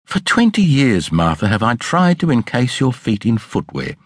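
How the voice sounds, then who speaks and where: A man's voice: medium pitch, huge pitch swings, normal speed, husky, no room sound, clean studio sound, voice pushed up. A man voicing a stern, genteel middle-aged station mistress who speaks severely and precisely. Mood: grimly stern.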